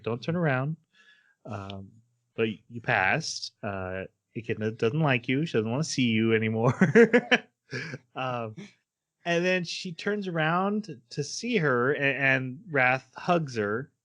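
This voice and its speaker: A man's voice: medium pitch, fairly bright tone. A man co-hosting a podcast, casually retelling an anime plot with lots of fillers and small laughs. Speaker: podcast co-host. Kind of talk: casual anime recap chat.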